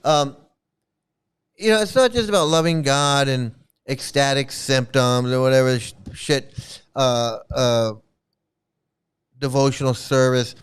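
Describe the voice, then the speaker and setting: A man's voice: mid-range voice, unhurried, clear, resonant tone. A man hosting a casual commentary video, ranting bluntly with exasperation, repeating himself and swearing freely. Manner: exasperated, repetitive, blunt and profane. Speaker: commentary channel host.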